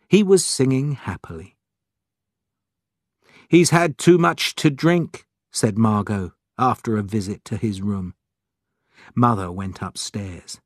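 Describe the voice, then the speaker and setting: Guy reading a kids' storybook slow, lots of ups and downs, dry close sound. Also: on the low side, dry recording. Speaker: reader. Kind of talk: storybook narration.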